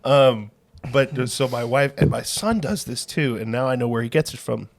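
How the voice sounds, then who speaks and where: A man's voice: mid-range voice, moderate pace, creaky. A young man co-hosting a casual podcast, telling stories with lots of laughter. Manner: laughing, animated storytelling. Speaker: podcast co-host. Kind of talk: casual banter.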